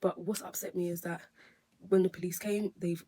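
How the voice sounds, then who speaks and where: A woman's voice: fairly low pitch, level tone, normal speed, mellow, slightly rough. A woman who works as a nail technician, telling a story on her vlog in a rambling, emotional way with many restarts. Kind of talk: storytime vlog recounting an incident.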